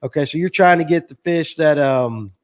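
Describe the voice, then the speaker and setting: A man hosting a casual live fishing show, asking his guests lively, easygoing questions. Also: a little high, moderate pace. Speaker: show host. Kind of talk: casual live-stream chat.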